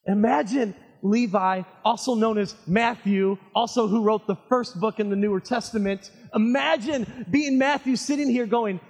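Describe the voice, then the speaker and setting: A male pastor delivering an animated sermon, throwing call-and-response questions to his congregation. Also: high voice, normal speed, long reverb tail. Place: church sanctuary with congregation.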